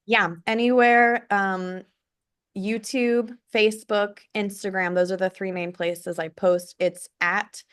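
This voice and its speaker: A woman's voice: medium pitch, fairly even intonation, takes it slowly, a bit bright, clean tone. A woman talking casually as a podcast guest, telling stories in a chatty way and laughing often. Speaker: guest, web business owner.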